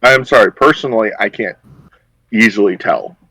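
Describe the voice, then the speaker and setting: A man's voice: on the low side, fairly quick, pushed and bright, husky, no echo, low-quality recording. A man playing an online tabletop game who talks hesitantly and apologizes often, over voice chat. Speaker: player.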